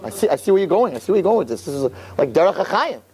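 A man's voice: high-pitched, very animated, rapid-fire, darkish tone, a little hiss or hum, pitched above the performer's own voice. A man voicing a depressed teenage yeshiva boy who talks in a mocking, sarcastic way.

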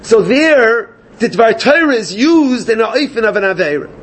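High-voiced man teaching Talmud. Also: moderate pace, slightly rough. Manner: animated, questioning students, mixes Yiddish and Hebrew terms. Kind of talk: Gemara class lecture.

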